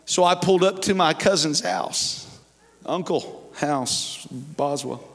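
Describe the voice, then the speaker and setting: A man preaching a storytelling sermon, animated and acting out the people in his story, at times breaking into shouts. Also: fairly high pitch, slow. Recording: long hall reverb.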